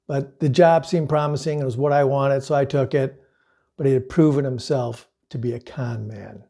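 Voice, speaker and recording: A man's voice: medium pitch, vocal fry, mellow. A middle-aged man and sales coach telling a personal story as a lesson, in an earnest, conversational way with casual fillers.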